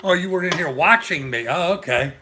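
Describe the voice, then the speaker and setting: A man's voice: fairly high pitch, brisk, noisy background. An older man hosting a casual live stream, rambling and chatty as he greets viewers by name. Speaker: livestream host.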